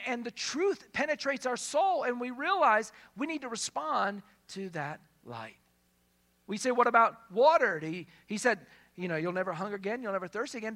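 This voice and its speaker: Pastor with a bright, forceful voice. Preaches in a talky way and acts out scripture scenes as back-and-forth dialogue. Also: medium pitch. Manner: retells scripture as lively dialogue; conversational, asks the congregation questions. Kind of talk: sermon.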